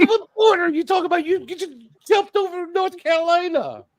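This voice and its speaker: High-voiced teasing man. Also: a little fast, no room sound, studio quality. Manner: teasing, incredulous, swears freely. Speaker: host. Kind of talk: casual chat.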